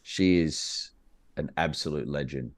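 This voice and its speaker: A man's voice: rumbling low, a little slow. A man chatting casually as a guest, joking and playful. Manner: jokey, playful. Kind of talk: casual chat.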